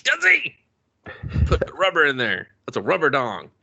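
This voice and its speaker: A man co-hosting a podcast, recapping a film in casual, profane chat and jumping up high in pitch for jokes. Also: very animated, a little fast, pushed and bright. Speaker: podcast co-host. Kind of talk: casual movie review chat.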